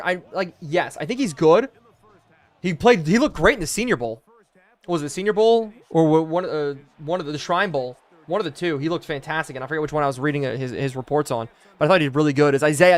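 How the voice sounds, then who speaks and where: A young man streaming a football video game live, calling plays, shouting in excitement and thanking chat. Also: a little high. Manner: excitable, bursts into loud exclamations, thanks viewers rapidly. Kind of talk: live stream commentary while reading chat.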